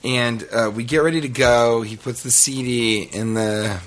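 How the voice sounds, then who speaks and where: A man in casual chat, spinning out a meandering story with plenty of restarts and asides. His voice sits at an ordinary middle pitch, and he tells it loosely and animatedly. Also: measured pace. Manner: rambling, animated storytelling with laughs.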